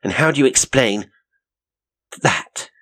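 A composed young woman in an old mystery, cool and cutting when cornered, voiced by a man narrating. The voice sits above his usual low register, with a husky edge. She speaks quickly and steadily, never losing her nerve. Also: expressive, a bit bright. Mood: defiant.

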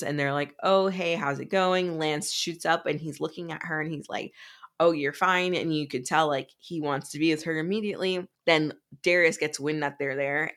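A woman's voice: low-pitched, a bit bright. A woman co-hosting a podcast, casually recapping a book in a chatty way, with lots of fillers. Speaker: podcast co-host.

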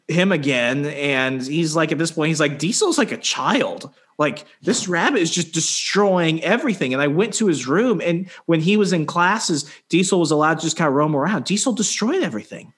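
A young man casually telling a story, swearing freely and acting out quotes with animated delivery. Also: a little high. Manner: profane, animated, acts out quotes.

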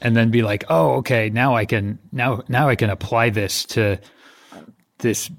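Understated, dry male co-host for a comedy podcast, mid-pitched voice. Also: a little slow, creaky, no room sound. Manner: dry, understated playful banter. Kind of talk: casual comedic chat.

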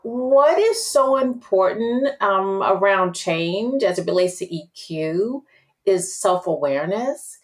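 A woman's voice: medium pitch, slow. A woman speaking as a guest expert on emotional intelligence in an interview, telling vivid stories and acting out examples. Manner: animated storyteller acting out examples. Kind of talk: interview conversation.

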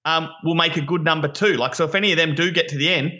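A man co-hosting a podcast in casual chat, animated and tripping over repeated words when excited. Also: a little high, fast, muffled recording. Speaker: podcast co-host.

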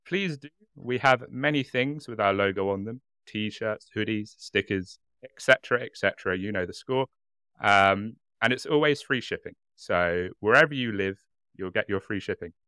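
A man's voice: on the low side, bright, forceful tone, clear, resonant tone, no echo, studio quality. A man with a British accent co-hosting a podcast, chatting casually and laughing often. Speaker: podcast co-host. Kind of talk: casual chat.

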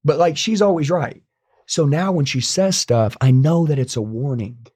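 A man's voice: fairly high pitch, moderate pace, darkish tone, breathy edge. A man speaking as an interview guest, sharing his story intensely, bluntly, and with plenty of swearing. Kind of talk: motivational interview talk.

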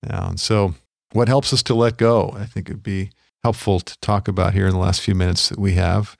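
A middle-aged man with a very low, gravelly voice speaks gently and deliberately, like a pastor sharing counsel. He is recorded close to the mic in a dry, dead room. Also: fairly even intonation, no echo. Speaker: podcast co-host. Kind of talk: reflective Christian podcast conversation.

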